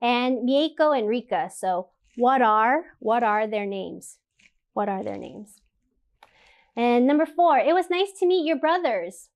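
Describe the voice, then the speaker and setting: A woman's voice: animated, dull audio. A woman teaching an English grammar lesson, reading example dialogues aloud and repeating questions to show the intonation. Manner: slow, reads example sentences aloud with rising pitch.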